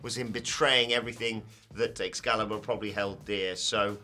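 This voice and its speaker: A man's voice: fairly low pitch, fairly even intonation, normal speed, bright, forceful tone. A man co-hosting a wrestling news show, chatting and joking casually with his co-host. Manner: joking, chatty, breaks into silly sung lines. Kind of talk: casual podcast banter.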